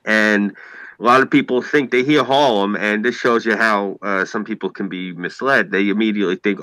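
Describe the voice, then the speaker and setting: A man with a New York accent chats casually on a podcast. He rambles and talks emphatically, often swearing. His lowish voice has a bright, forceful edge, recorded dry and close. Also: normal speed, no room sound, poor audio. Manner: rambling, emphatic, profane, heavy use of "like". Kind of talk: casual chat.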